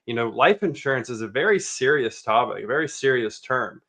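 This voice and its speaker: A man co-hosting a sales podcast, telling stories in a casual, animated way and acting out sales pitches. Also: a little fast. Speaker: podcast co-host.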